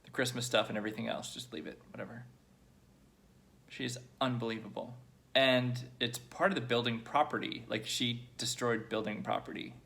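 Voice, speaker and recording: A young man recording a personal video diary, halting and emotional, choked up at times and pausing often with fillers. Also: medium pitch, steady tone, vocal fry, pushed and bright, slight background noise. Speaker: vlogger.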